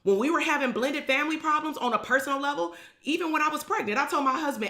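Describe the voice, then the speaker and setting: A woman's voice: high-pitched, expressive, fast talker, hardly any pauses, bright, forceful tone. A woman, talking bluntly and emphatically as a business coach on a live stream. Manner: blunt, emphatic, swears freely.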